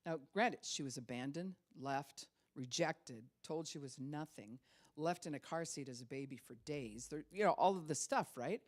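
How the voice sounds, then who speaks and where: A woman's voice: low voice, normal speed. A woman pastor in her sixties preaching a sermon, telling stories with frequent laughter and acting out the people she quotes. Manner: storytelling, laughs often, acts out quoted voices.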